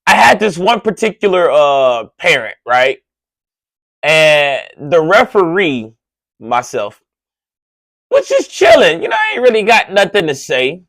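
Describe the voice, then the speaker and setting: A man who hosts a radio show, telling a story in an animated monologue, slangy and excitable, often tossing in "right?" asides and getting loud and high when worked up. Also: no echo. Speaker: radio host.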